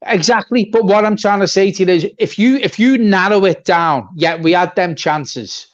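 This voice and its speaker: A man's voice: high-pitched, normal speed. Ranting, swearing football fan man. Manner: blunt, swearing, repetitive ranting. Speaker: fan channel co-host. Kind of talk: ranting football reaction chat. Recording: dull lo-fi sound.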